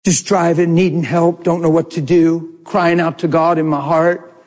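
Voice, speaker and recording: A man's voice: on the high side, flat delivery, moderate pace, a little mellow, lightly acted. A man voicing a distraught young man praying desperately as he drives. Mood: pleading. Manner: desperate, pleading. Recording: long hall reverb.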